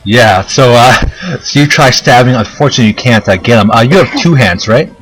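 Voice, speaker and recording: A man as game master, explaining rules in a relaxed way with many fillers. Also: mid-range voice, a little fast, faint music behind, poor audio. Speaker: dungeon master. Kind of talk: running a tabletop game.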